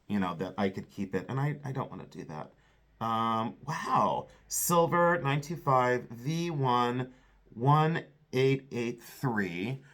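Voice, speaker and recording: A man's voice: medium pitch, a bit bright. A man who sells vintage jewelry, giving casual, enthusiastic commentary as he sorts items and thinks aloud.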